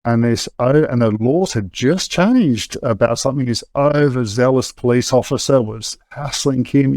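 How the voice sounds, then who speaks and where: Middle-aged Australian male guest, mid-pitched, candid conversational storytelling, dry close recording. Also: moderate pace, few pauses, darkish tone, dry recording. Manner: conversational, with frequent restarts and fillers.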